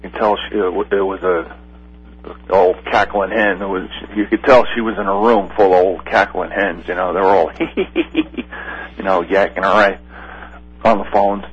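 A man calling in to a Christian talk radio show, telling a story in a rambling, halting way with many fillers. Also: low voice, level tone, breathy edge. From Pennsylvania. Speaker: caller. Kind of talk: call-in radio chat. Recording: dull lo-fi phone line.

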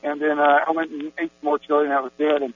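A man's voice: fairly high pitch, monotone, fast. A man telling his personal religious testimony in a meandering way, with many restarts and fillers. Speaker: Christian giving a personal testimony. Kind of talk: rambling spoken testimony. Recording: tinny phone-like recording with mains hum.

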